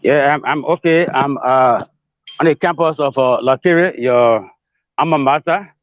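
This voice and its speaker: A male correspondent gives a halting, unsure field report. His voice comes through a dull, dry line. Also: mid-range voice, no room sound. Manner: hesitant, with many fillers and restarts.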